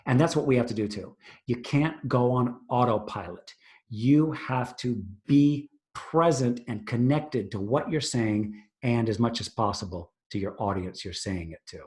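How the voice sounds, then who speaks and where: A man teaching a tutorial on presentation skills, emphatic and animated, swinging between loud and hushed delivery. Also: mid-range voice, measured pace. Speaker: presentation coach.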